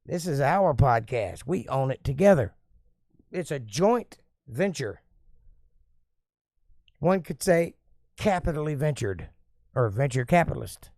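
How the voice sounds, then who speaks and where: A relaxed man chats his way through a live stream, reading out viewer comments and answering each one in a folksy, easygoing way. His voice sits at a middle pitch and sounds close and dry, with no room around it. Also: unhurried, pauses often, no echo.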